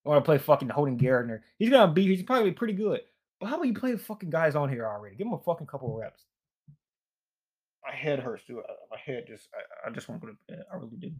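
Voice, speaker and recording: A man's voice: on the high side, big pitch swings, fast, husky. A young man rambling in a tired, frustrated, profane rant, worn out and fatigued. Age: young adult. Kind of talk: casual rant.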